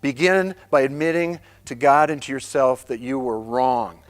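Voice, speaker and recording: A man's voice: mid-range voice, moderate pace, soft background music. A man presenting a marriage course in an earnest way, teaching with everyday anecdotes and acting out little scenes. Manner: earnest, storytelling, acts out scenes.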